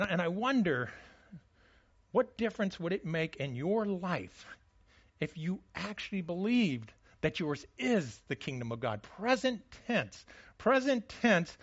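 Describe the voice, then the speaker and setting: A man's voice: high-pitched, animated, measured pace. A male pastor giving a conversational sermon at a church service, often restarting and repeating words and checking in with his listeners. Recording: dull lo-fi sermon recording.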